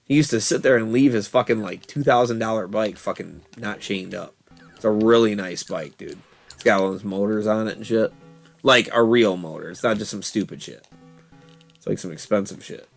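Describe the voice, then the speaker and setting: Gravelly man rambling over gameplay. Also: lowish voice, moderate pace, faint music behind. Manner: rambling, laughing, profane storytelling. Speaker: gaming channel host. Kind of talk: casual gameplay commentary.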